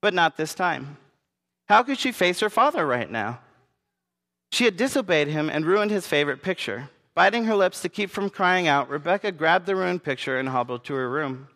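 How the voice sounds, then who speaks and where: A man tells a story aloud in an earnest, gentle way, sometimes addressing his listeners directly. His voice is a little high for a man, with lively intonation and a normal pace, and a long reverb trails after it.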